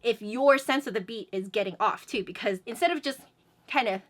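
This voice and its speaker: A woman teaching music in a chatty, energetic way, singing syllables to demonstrate beats. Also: on the high side, fairly quick. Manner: explains then sings syllables to demonstrate beats. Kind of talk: instructional video lesson.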